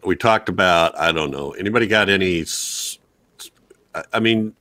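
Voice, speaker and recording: A man's voice: sits low, moderate pace, pushed and bright, no room sound, studio quality. A man hosting a casual film review podcast, talking with many fillers and restarts. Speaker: podcast host.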